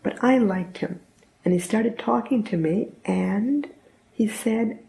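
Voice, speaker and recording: A woman's voice: mid-range voice, slow pace, gravelly, dark tone. An older woman telling a personal story in an earnest, reflective, plainspoken way. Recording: roomy echo.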